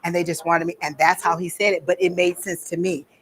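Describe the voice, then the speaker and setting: A woman's voice: lowish voice, little pitch movement, a little fast, breathy edge. A woman talking informally to a workshop audience at a psychic fair, chatty and conversational, stopping to ask the room for questions.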